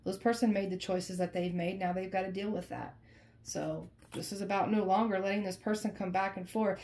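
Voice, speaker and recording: A woman's voice: medium pitch, steady tone, brisk, darkish tone. Emphatic woman giving a casual tarot reading. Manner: conversational, emphatic, repeats phrases, addresses viewers as guys. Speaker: tarot reader.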